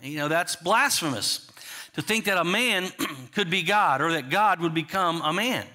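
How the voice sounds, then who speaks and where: Male pastor, bright and somewhat high, conversational sermon that questions the congregation. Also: animated, normal speed. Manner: frequent restarts and "you know" asides.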